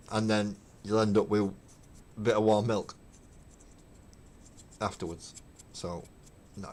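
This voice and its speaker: A man's voice: fairly low pitch, darkish tone, a little hiss or hum. A middle-aged man chatting casually on a painting livestream, emphatic and opinionated, swearing as he rants. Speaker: hobby livestream host. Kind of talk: casual chat while painting.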